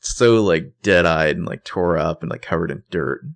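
A man's voice: sits low, moderate pace, vocal fry, no echo. A man co-hosting a podcast, recapping a TV episode in casual chat, rambling and full of fillers. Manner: rambling, filler-heavy, enthusiastic.

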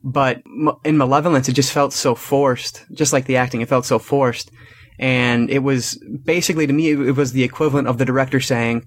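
A man hosting a casual film review podcast, talking in a measured, thoughtful way. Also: mid-range voice, fairly even intonation, dry recording. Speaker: podcast host.

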